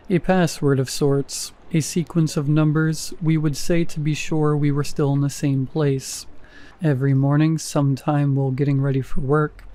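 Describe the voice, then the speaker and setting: A man reading a first-person horror story in a measured, even storytelling manner. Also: fairly high pitch. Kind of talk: scripted horror narration.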